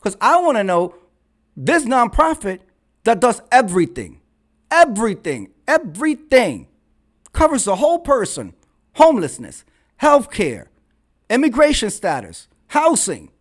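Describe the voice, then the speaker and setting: In his own vlog, a man rants furiously and profanely into a red mic, repeating himself for emphasis. His voice is very high and swings hugely in pitch, though his pace stays measured.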